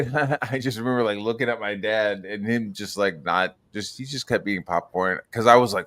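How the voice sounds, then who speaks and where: A man telling rambling, profane stories in casual podcast chat, breaking into loud excited outbursts. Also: on the low side, normal speed, hardly any pauses. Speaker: podcast co-host.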